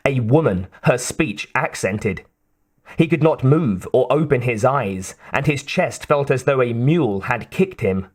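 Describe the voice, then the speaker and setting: A man reading an audiobook in a slow, measured narration. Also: mid-range voice.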